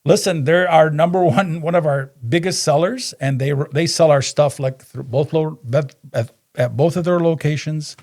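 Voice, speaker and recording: Gravelly-voiced man telling stories. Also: a little high, moderate pace, few pauses. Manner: animated storyteller who acts out dialogue. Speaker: business co-founder, podcast guest. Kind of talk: casual interview storytelling.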